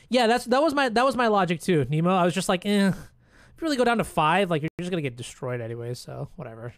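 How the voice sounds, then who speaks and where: Streamer, casual play-along commentary; muttery and profane with sudden excited spikes. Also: medium pitch, fast talker, no room sound, clean studio sound. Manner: muttering to self, swearing, bursts of excitement; chats to chat and opponent.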